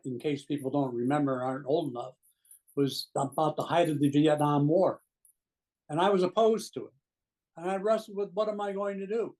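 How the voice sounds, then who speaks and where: A man in his seventies giving an earnest, indignant political opinion as a pundit guest, with halting restarts. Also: on the high side, darkish tone, rough recording. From United States. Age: 70s. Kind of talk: impassioned opinion commentary.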